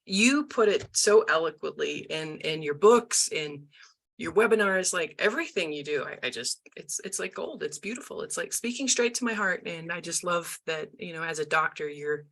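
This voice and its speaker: A woman's voice: low-pitched, animated, normal speed, fairly bright tone. A woman hosting an interview show, effusive and chatty, often restarting her sentences. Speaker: podcast host. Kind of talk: casual interview.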